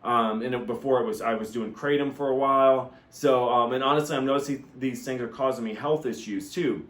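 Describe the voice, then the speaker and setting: A man's voice: mid-range voice, fairly quick, a bit bright. Male vlogger, casual rambling monologue, earnest delivery, reverberant room sound. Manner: rambling, filler-heavy, earnest.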